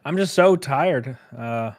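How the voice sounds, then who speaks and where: A young man casually chatting on a livestream while reading chat. He is loose and profane, uses lots of fillers and suddenly jumps way up in pitch for jokes. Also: slow. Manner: animated, pitch jumps up sharply on bits.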